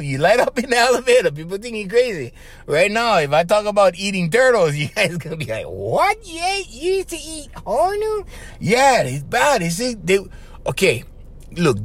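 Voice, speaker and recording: A middle-aged man from Hawaii with a Hawaiian Pidgin-tinged accent, hosting a casual solo podcast, rambling and chuckling, tagging lines with "right?" and "okay?". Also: sits high. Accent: Hawaiian Pidgin-tinged English. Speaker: podcast host.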